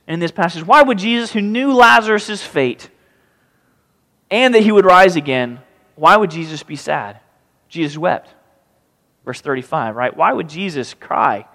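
A man's voice: on the high side, normal speed, long reverb tail. A man preaching a sermon, reading scripture and acting out the pleading voices of the people in it. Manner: animated, acts out pleading voices. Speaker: pastor.

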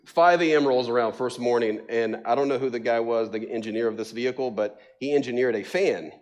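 A man's voice: mid-range voice, a little fast. A middle-aged man, a pastor, telling funny stories in a sermon. He mocks himself, laughs often and fills his talk with "um" and "like.". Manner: animated, self-mocking storytelling with frequent laughter and fillers. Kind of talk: sermon, storytelling to a congregation. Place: church sanctuary.

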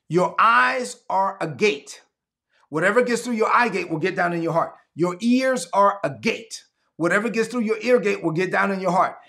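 A man preaching with a high-pitched voice that has a gravelly edge. He builds his points through emphatic repetition and leads call-and-response declarations for his online audience. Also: pushed and bright. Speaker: pastor. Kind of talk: sermon.

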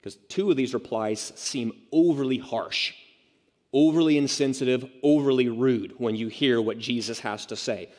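A man's voice: medium pitch, normal speed, darkish tone. A man preaching a sermon in a conversational way, with self-mocking asides and acted-out quotes. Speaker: pastor. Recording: long reverb of a large hall.

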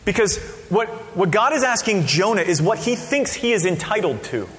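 Animated preacher in a reverberant hall. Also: male voice, sits high, moderate pace, hardly any pauses. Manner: animated, conversational preaching with sudden loud outbursts. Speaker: pastor. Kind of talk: sermon.

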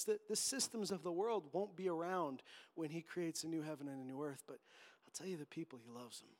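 A man's voice: fairly high pitch, fairly quick. A man preaching a sermon as pastor, emphatic and impassioned, acting out quotes as he goes.

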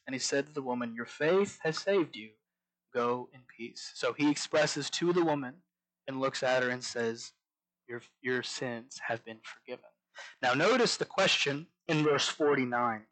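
A man preaching a sermon, reading scripture slowly and dropping to a soft voice on key lines. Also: on the high side, rough recording. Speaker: pastor.

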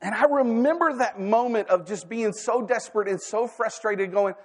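A man's voice: high-pitched, lively intonation, fairly quick, hardly any pauses. Candid preaching man in reverberant hall. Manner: candid, conversational preaching with asides and quoted inner voices. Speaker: staff pastor. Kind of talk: sermon. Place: church sanctuary.

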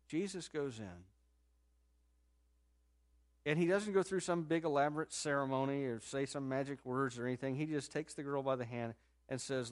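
A man preaching a sermon in a conversational, animated storytelling manner, rising sharply in pitch and loudness at times and dropping to a soft low voice for quoted words. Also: moderate pace. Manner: drops to a soft, low voice when quoting Jesus. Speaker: pastor.

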